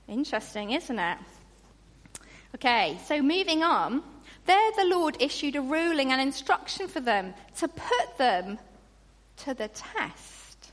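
A woman preaching a sermon in an animated way, acting out grumbling voices. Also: very high voice, a little slow. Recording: long reverb in a large hall.

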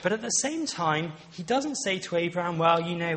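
Male preacher, casual conversational sermon, voice a touch high, echoing through a big hall. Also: expressive, normal speed, a bit bright. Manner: conversational, with many restarts and asides. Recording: long reverb of a large hall.

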